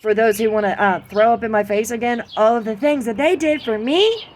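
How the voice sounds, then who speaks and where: A woman holding forth in an angry, swear-laden vlog rant. Her voice sits on the higher side, and she talks straight to camera in a heated, venting way. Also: fairly quick, a little mellow, a little hiss or hum. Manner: heated, ranting, heavy swearing. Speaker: vlogger. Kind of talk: profane venting monologue to camera.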